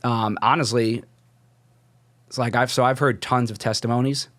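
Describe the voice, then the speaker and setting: A man's voice: medium pitch, fairly even intonation, moderate pace, fairly bright tone, dry recording. A young man telling his personal faith story as a podcast guest, casual and rambling, full of "like" fillers and restarts. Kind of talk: casual testimony.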